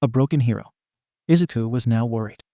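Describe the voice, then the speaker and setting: A man narrating a fan story in a steady, even reading voice. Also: mid-range voice, brisk, no echo, studio quality.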